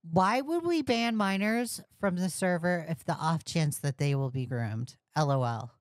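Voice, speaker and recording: Slow-talking woman with dry sound. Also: lowish voice, no echo. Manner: profane, mocking, excitable outbursts. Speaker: commentary streamer. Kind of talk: reaction commentary.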